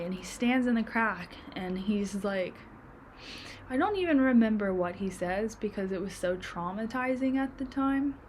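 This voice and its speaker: A woman's voice: fairly high pitch, slight background noise. A young American woman telling stories in casual chat as a streamer, chatty and acting out quoted voices. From United States.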